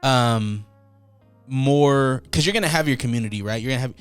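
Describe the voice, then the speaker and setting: A man's voice: medium pitch, normal speed, clean tone, dry recording, soft background music. A man hosting a casual podcast chat, encouraging and upbeat as he talks with his guests. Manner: encouraging, upbeat sign-offs. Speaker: podcast host. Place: Utah.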